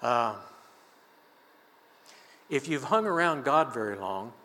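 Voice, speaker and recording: An older man delivers a sermon, mixing scripture with a folksy personal story told with easy chuckles. His voice is bright and forceful. The sound rings with the long reverb of a large church sanctuary. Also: medium pitch, lively intonation, slow pace. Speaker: preacher.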